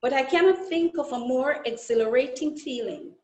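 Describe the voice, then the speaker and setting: A woman from Jamaica reading a formal, proud message in a measured way. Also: sits high, darkish tone. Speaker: speaker giving an independence day message. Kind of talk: prepared speech. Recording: echoey room.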